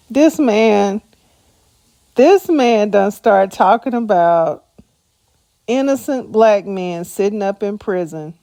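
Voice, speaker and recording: A woman's voice: on the high side, lively intonation, slow, gravelly, warm tone, no echo. A woman hosting a reaction video, talking casually and expressively, with frequent exclamations and laughter.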